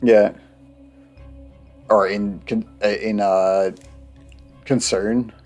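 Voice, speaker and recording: Rambling let's-play host, man, lowish voice, faint game music behind. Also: steady tone, extremely slow, a little mellow. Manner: rambling, laughs often, stumbles over words while reading. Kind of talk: casual game commentary and reading game text.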